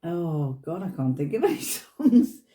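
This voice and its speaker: A woman in her seventies chats at home, telling stories with a lively, swooping voice. Her tone is soft and mellow, and she laughs often. The room around her is echoey. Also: lowish voice, measured pace. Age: 70s. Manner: chatty storyteller, laughs often. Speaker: vlogger. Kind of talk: casual chat.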